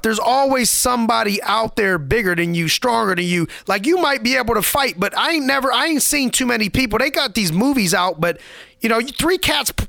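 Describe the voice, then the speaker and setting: A man's voice: extremely high pitch, vocal fry, bright, forceful tone, no echo, studio quality. A man giving a motivational podcast monologue, preachy and emphatic, repeating lines for effect in casual street slang.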